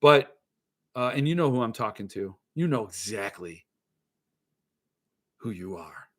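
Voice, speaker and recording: A man's voice: on the low side, animated, unhurried, a bit bright. A middle-aged man hosting a casual solo podcast, reading out chat comments and ranting in exasperation. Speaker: podcast host.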